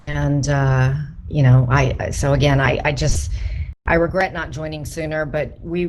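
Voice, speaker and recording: Low-voiced woman, candid and self-deprecating. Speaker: real estate agent. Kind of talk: panel discussion answer.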